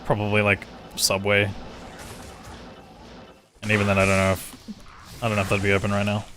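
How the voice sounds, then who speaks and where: A young man with an Australian accent talks through his gameplay in a loose, rambling way. His voice sits on the low side, and he peppers his speech with filler words and offhand swearing. It sounds like a relaxed stream commentary. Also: moderate pace, noisy background. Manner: rambling, full of "like", swears freely.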